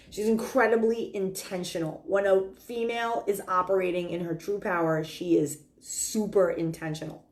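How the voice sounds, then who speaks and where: Earnest woman coaching on dating. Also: mid-range voice. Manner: earnest, animated, frequent likes and ums. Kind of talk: casual advice monologue to camera.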